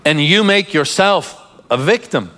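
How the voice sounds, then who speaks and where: A man's voice: on the high side, lively intonation, measured pace, sharp tone, long reverb tail. A man preaching a sermon as pastor, emphatic, breaking into laughing asides and urging listeners to pay attention.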